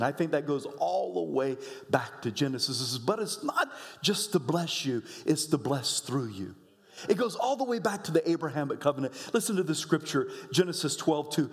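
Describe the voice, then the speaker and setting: A middle-aged male pastor preaching a sermon, swinging from low, quiet lines up to high shouts. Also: in a large hall. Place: church sanctuary.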